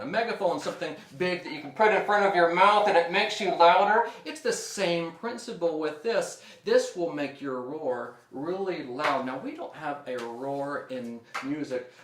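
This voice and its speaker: A man's voice: on the high side, a bit bright. A young man teaching a music lesson for children, upbeat and leading the kids in call-and-response. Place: room at home. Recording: echoey room.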